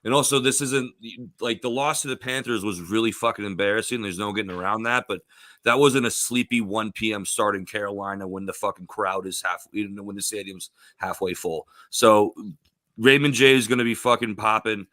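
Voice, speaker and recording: A man with a lowish but bright, forceful voice co-hosts a casual betting podcast. He swears eagerly, and the sound is dry with no room around it. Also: fairly even intonation, brisk, no echo. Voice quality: profane, enthusiastic. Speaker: podcast co-host. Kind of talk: casual sports betting chat.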